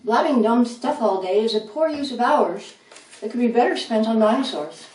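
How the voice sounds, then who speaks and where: A woman's voice: a little high, animated, moderate pace, a little mellow, lightly acted. A woman voicing a blunt, literal-minded young female chipmunk who speaks matter-of-factly, in a roomy, distant recording. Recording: roomy, distant, faint noise.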